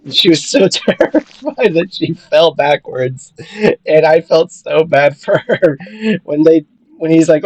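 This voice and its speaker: A man co-hosting a gaming video, chatting casually and telling stories with lively acted-out quotes. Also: a little high, a little slow, slightly rough, no echo, poor audio. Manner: lively storyteller, acts out quotes. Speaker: gaming channel co-host. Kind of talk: casual chat while playing a game.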